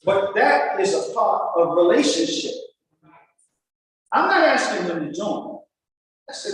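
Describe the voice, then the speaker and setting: A man's voice: high voice, sing-song, a little slow, pauses often, far from the mic. A male pastor teaching in an emphatic, repetitive, folksy preaching manner. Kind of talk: sermon-style teaching talk. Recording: very echoey church hall, heard from afar.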